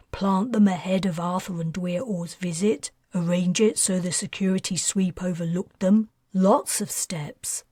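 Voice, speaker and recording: A clever, bold teenage boy laying out his reasoning in earnest, as a woman narrator voices him. His voice sits a little lower than her own, breathy and close. Dry audiobook read. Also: mellow, no echo. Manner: earnest, explaining at length. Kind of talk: audiobook character voice.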